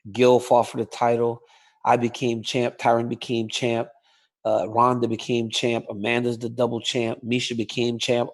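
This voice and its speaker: A man's voice: mid-range voice, a little mellow. A man talking as a guest in an interview, emphatic and stressing points by repeating his questions. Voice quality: gravelly, husky. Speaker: guest fighter. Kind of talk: interview chat.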